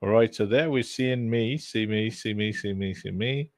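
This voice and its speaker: A man's voice: fairly low pitch, moderate pace, darkish tone, dry recording. A man chatting casually on a live stream, rambling and joking to himself while he works, with frequent chuckles. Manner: rambling and jokey, talking to himself while clicking around; chuckles often between remarks. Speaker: livestreamer.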